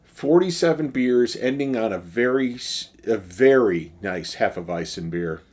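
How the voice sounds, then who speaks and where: Man, Chicago accent, middle-aged, relaxed beer review vlog, easygoing with fillers, mid-range pitch. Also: a little slow. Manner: relaxed and chatty, with fillers and sighs.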